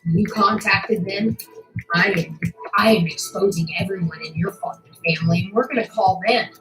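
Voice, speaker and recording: A woman's voice: medium pitch, normal speed, a bit bright, echoey room, soft background music, rough recording. A woman ranting furiously to her channel, swearing and making threats, near tears with anger. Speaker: YouTuber. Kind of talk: angry rant to camera.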